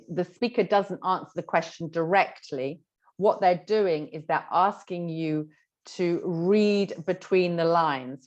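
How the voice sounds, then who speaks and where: Chatty woman teacher with lo-fi sound. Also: fairly low pitch. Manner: chatty, explains with examples, many fillers. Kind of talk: exam tips lesson to camera.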